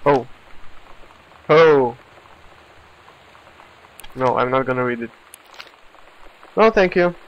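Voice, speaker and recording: A man's voice: medium pitch, lively intonation, takes it slowly, long pauses, dull audio. Man chatting over a game. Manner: reads in-game texts aloud, stumbling and laughing at them. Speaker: let's play gamer. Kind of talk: casual gameplay commentary.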